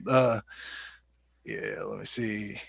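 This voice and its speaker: A man in casual movie-club chat, laid-back, swearing freely and filling pauses with ums and uhs. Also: fairly low pitch, steady tone, gravelly, fairly bright tone, slightly rough, no room sound. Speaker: podcast co-host.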